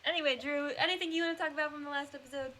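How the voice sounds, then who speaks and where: A woman's voice: high-pitched, steady tone, rapid-fire, bright, forceful tone, a little hiss or hum. A woman co-hosting a podcast in casual chat, giggling and steering the talk along. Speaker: podcast co-host.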